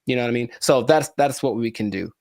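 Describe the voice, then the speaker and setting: A man's voice: mid-range voice, quick pace, a little mellow, dry recording, studio quality. Jokey man co-hosting a podcast. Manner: jokey and theatrical, mock-emotional asides. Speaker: podcast co-host. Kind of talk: casual podcast chat.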